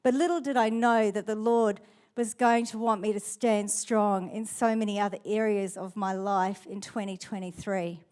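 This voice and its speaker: A woman's voice: medium pitch, fairly even intonation, moderate pace, darkish tone, smooth. A middle-aged woman pastor with a New Zealand accent, preaching a sermon in a chatty, storytelling way.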